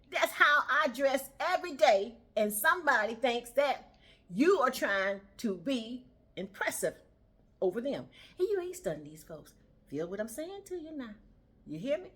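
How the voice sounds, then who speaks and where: A woman's voice: high voice, very animated, a little slow, a bit bright. A woman giving a casual motivational talk and telling a story, laughing often and acting out the voices of the people in it. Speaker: motivational vlogger.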